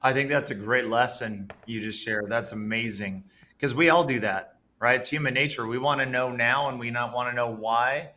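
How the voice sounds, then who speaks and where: A man's voice: mid-range voice, normal speed, pushed and bright. A man, a business founder, being interviewed on a podcast, talking earnestly and enthusiastically. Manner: earnest, enthusiastic, speaks with conviction. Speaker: entrepreneur guest. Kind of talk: conversational interview.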